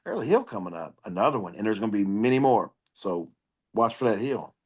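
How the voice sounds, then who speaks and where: A man's voice: on the low side, fairly quick, slightly rough. Profane, blunt man telling stories. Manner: blunt, profane, animated storyteller. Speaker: podcast guest, comedian. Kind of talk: casual storytelling interview.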